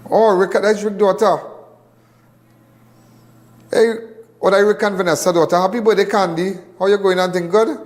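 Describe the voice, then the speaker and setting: A man's voice: sits high, fairly even intonation, normal speed, pauses often. Rambling Trinidadian man hosting a crime show. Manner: talkative, rambling, lecturing. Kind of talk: live call-in crime show commentary.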